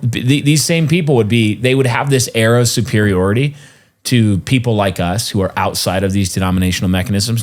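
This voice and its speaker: A man co-hosting a podcast in casual chat, mocking and laughing often, with quick restarts. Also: sits low, darkish tone. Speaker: podcast co-host.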